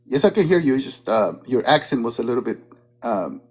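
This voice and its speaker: A man calling in to a debate, talking in a halting way with many stammers and restarts. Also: medium pitch, big pitch swings, husky. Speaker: caller. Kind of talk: casual debate call.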